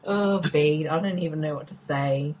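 A young woman co-hosting a podcast, teasing and giggly, often excitable. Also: low voice, normal speed, slight background noise, low-quality recording. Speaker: podcast co-host. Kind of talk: casual podcast banter.

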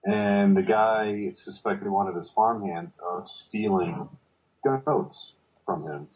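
Male podcast co-host, very low voice, hesitant storyteller, dull recording. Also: slow pace. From United States. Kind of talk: casual chat.

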